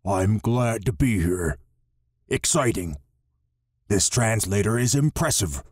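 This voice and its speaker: A man narrating an audiobook, voicing a jovial male alien with a deep voice and an odd, clipped cadence. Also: expressive, slow, darkish tone, slightly rough, dry recording, clean studio sound, heavily acted. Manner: odd clipped cadence, one-word add-ons.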